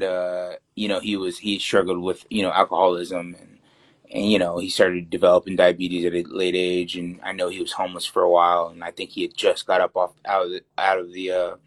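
A young man with a low voice speaks as an interview guest. He talks loosely and rambles, filling gaps with ums and you-knows. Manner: loose, rambling, heavy fillers. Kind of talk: casual interview talk.

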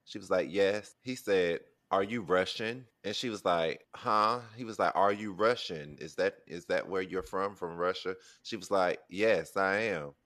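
A man hosting a casual podcast, asking playful questions and telling funny stories in a relaxed way. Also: low voice, moderate pace, hardly any pauses. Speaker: podcast host. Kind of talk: casual chat.

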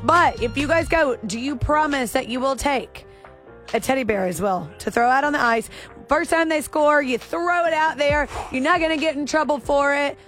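A woman hosts a morning radio game with a bright, high voice. She is bubbly and encouraging and laughs easily. Faint music plays under her. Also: normal speed. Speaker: radio show host.

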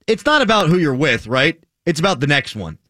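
An American man hosting a show, chatting in an animated, opinionated way. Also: on the high side, a little fast, no room sound, clean studio sound. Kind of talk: casual talk-show chat.

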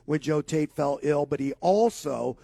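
An emphatic male sports radio co-host talks in a casual, lively way. His voice sits a little high for a man. The sound is dry and close on a studio microphone. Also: a little slow, creaky, no echo.

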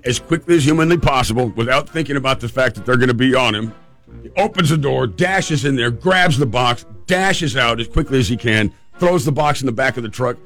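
A man's voice: mid-range voice, fairly bright tone. A man hosting a show, telling a funny story in a casual, chatty way with restarts. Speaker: podcast host.

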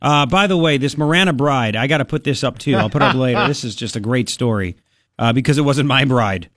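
A man's voice: medium pitch, fairly quick, a bit bright, dry recording. A man hosting a talk radio show, brash and joking, rambling in casual chat. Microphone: studio microphone.

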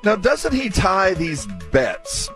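A man's voice: high-pitched, big pitch swings, slow, fairly bright tone, soft background music. A man co-hosting a sports radio show, joking and teasing in casual chat.

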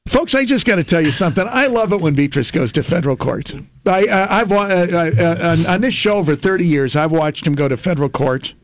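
A man's voice: a little high, expressive, brisk, hardly any pauses, no room sound, soft background music. A man hosting a radio talk show in casual chat, jokey and setting up playful reenactments. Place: radio studio. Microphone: studio microphone.

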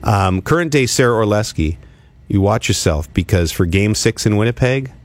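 A man's voice: on the low side, lively intonation, normal speed, no echo. A man co-hosting a casual sports podcast, chatty and playfully teasing. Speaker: podcast co-host.

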